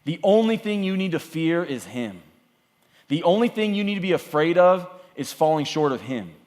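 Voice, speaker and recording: A man preaching at a youth camp, energetic and conversational, often repeating himself. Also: fairly high pitch, moderate pace. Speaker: camp speaker. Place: camp meeting hall. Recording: echoey hall.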